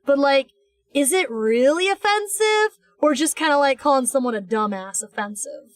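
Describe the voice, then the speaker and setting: In a casual live-stream chat, a young woman from the U.S. draws and talks playfully, rambling with restarts and little teasing jabs. Her high voice is expressive, at a normal speed, with no echo.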